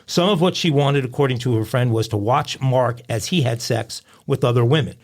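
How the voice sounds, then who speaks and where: Gravelly man reading a crime story. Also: medium pitch, moderate pace. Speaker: podcast co-host.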